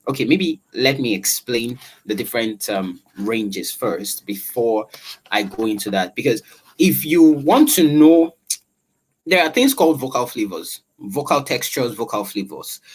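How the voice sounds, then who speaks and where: A man talks through voice training with a husky, velvety tone. His pitch swings widely as he demonstrates and asks questions. It sounds like an interview guest teaching his craft. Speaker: voice-over artist guest. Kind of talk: explanatory interview talk.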